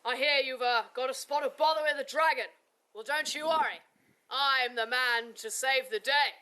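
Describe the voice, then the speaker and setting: A woman's voice: high voice, normal speed, pushed and bright. A woman doing a vain boastful knight. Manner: boastful, breezy. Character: vain, arrogant male knight.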